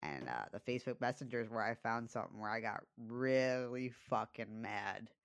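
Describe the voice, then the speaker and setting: A man's voice: medium pitch, lively intonation, brisk, smooth, no echo. A young man co-hosting a podcast, telling a personal story in a casual, confessional way, full of fillers and swearing. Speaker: podcast co-host.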